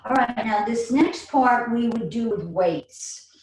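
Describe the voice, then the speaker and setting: A woman with a New York accent leading a guided chair yoga class online, giving slow, soothing cues with playful asides. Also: on the high side, a little mellow. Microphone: online video call. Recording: roomy, distant mic, faint noise.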